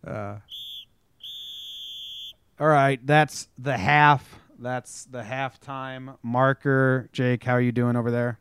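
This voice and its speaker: A man's voice: mid-range voice, slow pace, clear, resonant tone. A man co-hosting a casual sports chat, telling stories and acting out locker-room quotes with lots of swearing. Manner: animated storyteller, acts out quotes with profanity. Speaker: podcast co-host.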